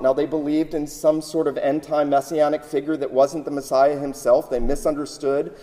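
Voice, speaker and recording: A man's voice: a little high, flat delivery, normal speed, warm tone. A man preaching a sermon, emphatic, often repeating words as he builds his points. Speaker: pastor. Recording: long hall reverb.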